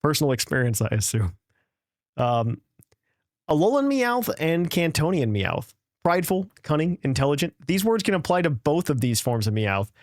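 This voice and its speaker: A man's voice: a little high, sing-song, normal speed, no echo, clean studio sound. A man hosting a casual podcast, reading a listener's email aloud in a playful, jokey way and tripping over words now and then.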